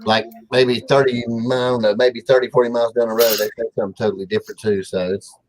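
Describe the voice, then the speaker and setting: A man's voice: medium pitch, flat delivery. A man co-hosting a casual farm livestream, joking and greeting viewers by name. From rural southern United States. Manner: fast, jokey, reads viewer names aloud.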